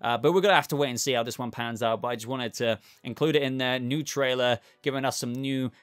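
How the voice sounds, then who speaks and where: A man's voice: medium pitch, fast talker, dry recording. A man hosting a pop-culture news channel, talking chatty and upbeat with rambling asides. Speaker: channel host.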